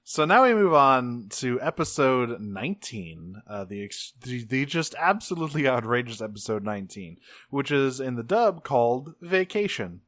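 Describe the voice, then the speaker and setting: A man co-hosting a podcast, recapping an episode in a rambling, profane, animated way. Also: mid-range voice, moderate pace, dry recording, clean studio sound. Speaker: podcast co-host. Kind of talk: casual episode recap chat.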